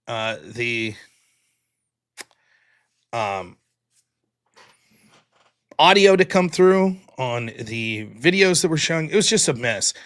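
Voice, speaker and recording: Man, live-stream host, bright forceful voice, rambling casual chat, self-deprecating asides. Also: medium pitch, sing-song, takes it slowly, pauses often, clear, resonant tone. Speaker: show host.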